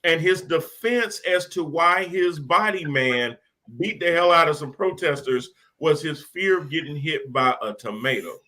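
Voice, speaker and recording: A man's voice: on the high side, unhurried, pushed and bright, low-quality recording. A man in casual political chat, rambling and incredulous, often amused.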